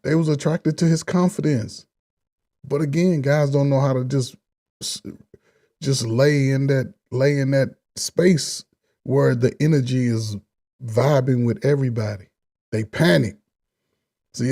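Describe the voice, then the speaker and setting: A man giving blunt, animated reaction commentary on a dating show clip, talking in casual slang. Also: medium pitch, unhurried.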